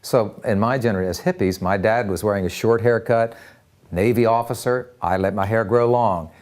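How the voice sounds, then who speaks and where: An older man telling personal stories in an interview, animated, acting out voices and often repeating words as he talks. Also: lowish voice, moderate pace. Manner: lively, acts out voices in anecdotes, repeats words. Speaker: interviewee, counselor.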